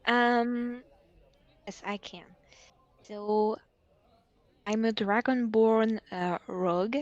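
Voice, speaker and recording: A woman's voice: fairly high pitch, steady tone, drawn-out words, dry recording, lo-fi sound. A woman player introducing her tabletop game character, hesitant and unsure.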